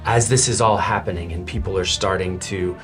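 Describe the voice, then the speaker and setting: A deep-voiced man acts as game master for a tabletop game, narrating the story dramatically with some halting restarts. Soft music plays in the background.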